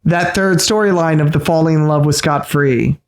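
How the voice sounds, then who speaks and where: Chill podcast cohost guy, slightly high voice, agreeable, pokes fun at himself. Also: moderate pace, reverberant. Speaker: podcast co-host. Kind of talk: casual review chat.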